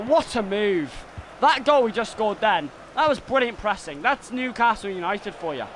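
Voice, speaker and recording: Man, high voice, live game commentary, mutters then yells, noisy background. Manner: swings between muttering and excited shouting. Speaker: streamer.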